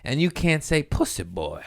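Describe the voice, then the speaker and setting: Animated joking man, lively pitch. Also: moderate pace, gravelly. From Mexican-American family. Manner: animated, jokey, swings into loud character voices. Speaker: comedian podcast host. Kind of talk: casual comedic monologue.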